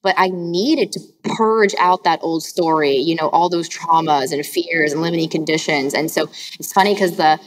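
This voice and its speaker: A woman's voice: sits low, moderate pace, hardly any pauses, poor audio. A woman hosting a podcast and coaching clients, talking candidly and emphatically in casual chat, with some swearing. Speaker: podcast host and healing coach.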